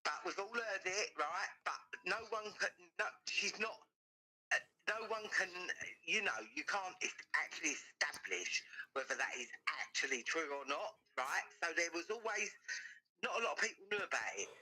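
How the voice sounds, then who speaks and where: Bright lively man talking emphatically. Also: high-pitched, normal speed, rough recording. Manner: emphatic, repetitive, gossiping. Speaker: vlogger. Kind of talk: casual chat.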